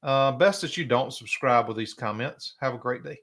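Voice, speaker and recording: Here's a chatty middle-aged host with a South Carolina drawl, running a casual live stream and frequently pausing to clear his throat. He talks at normal speed in a mid-range, slightly bright voice.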